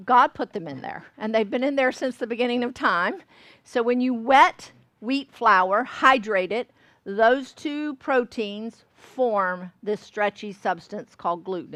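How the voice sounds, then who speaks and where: A woman's voice: medium pitch, unhurried, a bit bright, no room sound. A woman from Georgia, teaching a baking class in a folksy way and often checking that listeners follow. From Georgia, US South. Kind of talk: cooking class demonstration. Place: store classroom.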